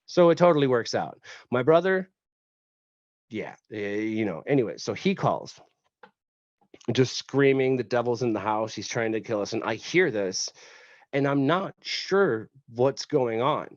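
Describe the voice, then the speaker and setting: A man's voice: medium pitch, no echo. A man from West Tennessee, a podcast guest, telling a story in a rambling, joking way and swearing casually. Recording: dull lo-fi podcast audio.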